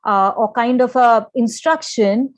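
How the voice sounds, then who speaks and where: A woman explains each point to a class. She has a fairly high voice and keeps asking "okay?" The sound is close and dry, with no room echo. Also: unhurried. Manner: explanatory, mixes English and Hindi phrases, frequent "okay?" checks. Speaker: lecturer. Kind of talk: lecture on listening skills.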